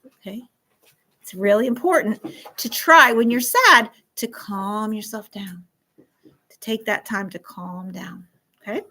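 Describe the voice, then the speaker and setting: A woman's voice: medium pitch, unhurried, pauses often, pushed and bright. A woman school counselor teaching a lesson to a class of children, coaxing them along with frequent check-ins.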